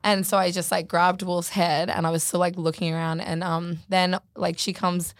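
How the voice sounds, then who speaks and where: A woman's voice: fairly low pitch, moderate pace, no room sound. A young woman telling a story in casual chat, rambling and leaning on "like" as she relives it. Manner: rambling, heavy use of "like", animated retelling.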